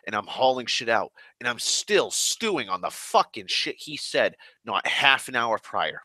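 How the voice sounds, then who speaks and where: A man's voice: mid-range voice, big pitch swings, bright, forceful tone, no echo, clean studio sound. A man angrily telling a story to camera, swearing constantly and repeating himself for emphasis. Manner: angry, heavily profane ranting; dramatic pauses and repetition. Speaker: online ranter. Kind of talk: casual storytelling rant.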